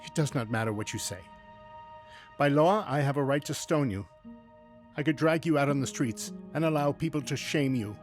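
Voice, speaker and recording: A man's voice: medium pitch, normal speed, faint music behind, pitched above the performer's own voice, lightly acted. A man voicing a heartbroken, principled young male carpenter in a dramatized Bible story, with a pleading, trembling delivery. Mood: resolved, sorrowful.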